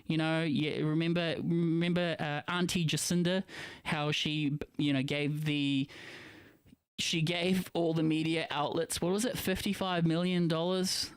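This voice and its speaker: A man with a New Zealand accent rambles through a live internet radio show, breaking off and restarting his sentences. His voice sits a bit high for a man, and the sound is dry and close, with no room around it. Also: flat delivery, measured pace, clean tone, no room sound. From Philippines. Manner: rambling, self-interrupting, conspiratorial. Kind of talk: casual live-stream monologue.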